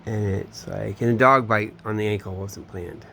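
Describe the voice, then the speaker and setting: A man's voice: lowish voice, fairly even intonation, normal speed, vocal fry, fairly bright tone, slight background noise. A man telling a long, meandering personal story, swearing often and trailing off mid-sentence. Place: home in Florida.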